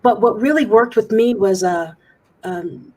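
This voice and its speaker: A middle-aged woman speaks as an interview guest with a slightly husky, breathy tone. Her delivery is candid and earnest, full of small restarts as she works through a personal account. Her pitch sits in an ordinary middle range. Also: unhurried, a little mellow. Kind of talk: interview storytelling.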